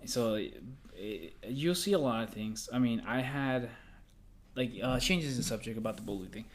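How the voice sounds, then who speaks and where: A young man co-hosting a podcast, telling work stories in a rambling, profane, animated way. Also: mid-range voice, moderate pace. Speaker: podcast co-host. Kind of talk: casual podcast chat.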